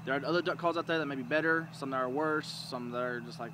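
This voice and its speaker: A man's voice: mid-range voice, fast talker, noisy background. A man giving a rambling, informal how-to lesson, often breaking into sounds to demonstrate. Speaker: duck calling instructor. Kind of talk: casual how-to video.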